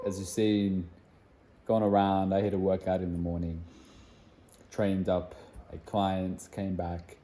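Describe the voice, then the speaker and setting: Young male fitness coach vlogging; easygoing, rambling delivery, slightly low voice. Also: slight background noise. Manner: relaxed, rambling, lots of fillers. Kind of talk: casual vlog talk to camera.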